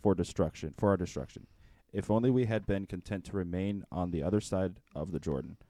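Deep-voiced man reading scripture. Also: fairly quick, warm tone, dry recording. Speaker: study group member.

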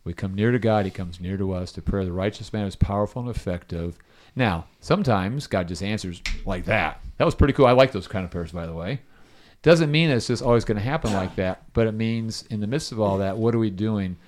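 A man's voice: on the low side, brisk. A middle-aged man leading a casual Bible study, telling a story and asking his listeners questions.

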